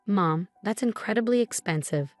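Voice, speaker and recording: A woman's voice: mid-range voice, lively intonation, moderate pace, dry recording, soft background music, close to an everyday voice. A woman voicing a flustered, anxious young wife who talks hesitantly and nervously.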